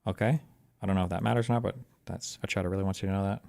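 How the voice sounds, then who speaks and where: A man doing livestream commentary, rapid, rambling and incredulous as he reacts. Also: sits low, fairly even intonation, vocal fry, darkish tone.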